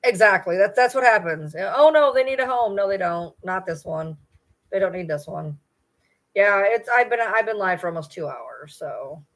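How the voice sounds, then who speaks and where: A woman's voice: fairly low pitch, animated, normal speed, a bit bright. A woman chatting casually on a livestream, rambling and cooing to her dogs between remarks, blunt and swearing now and then. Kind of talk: casual chat during a livestream.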